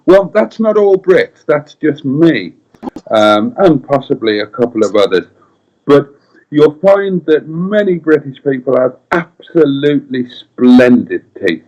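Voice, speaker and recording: A man's voice: medium pitch, big pitch swings, a little slow, darkish tone. A middle-aged man with a Welsh accent, co-hosting a casual live-stream chat in a wry, playful way and reading out viewer comments. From Wales. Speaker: co-host. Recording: dull lo-fi sound.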